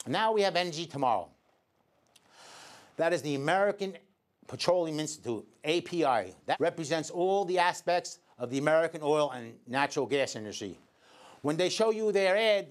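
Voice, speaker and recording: New electrician host, high-pitched voice, sarcastic editorial rant. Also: male voice. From Staten Island, New York. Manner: indignant, sarcastic, addresses people directly. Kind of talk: scripted editorial commentary.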